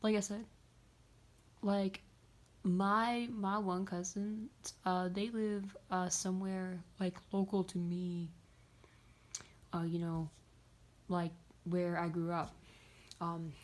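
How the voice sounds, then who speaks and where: A woman's voice: on the low side, little pitch movement, takes it slowly, long pauses. A young woman from the Pittsburgh area telling a story in a casual, rambling way, full of fillers and swearing. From greater Pittsburgh area. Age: young adult. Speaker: vlogger.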